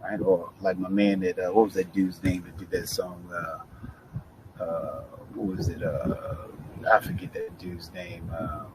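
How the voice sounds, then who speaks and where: A man's voice: deep voice, little pitch movement, a little slow, heavy background noise. A middle-aged man teaching Spanish pronunciation in a casual video lesson, switching between Spanish and English and often checking in with "right?". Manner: chatty, mixes Spanish and English, frequent "right?" check-ins.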